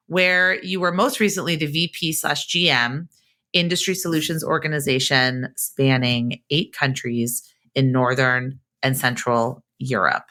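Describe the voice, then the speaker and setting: A woman's voice: low voice, sharp tone. A woman hosting a nonprofit podcast, upbeat and enthusiastic as she introduces her guest. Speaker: podcast host. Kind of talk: podcast interview.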